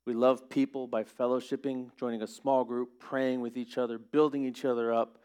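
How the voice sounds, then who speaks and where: A man's voice: mid-range voice, little pitch movement, moderate pace, darkish tone, clean tone. Earnest male pastor preaching. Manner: earnest, rising to emphatic questions. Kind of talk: sermon.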